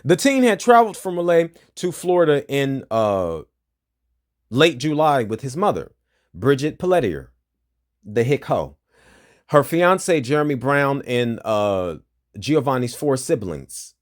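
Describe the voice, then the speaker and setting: A man's voice: mid-range voice, unhurried. A man reading a news story aloud and breaking into angry, profane commentary, agitated and heated. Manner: heated, profane, switches between flat reading and loud outbursts.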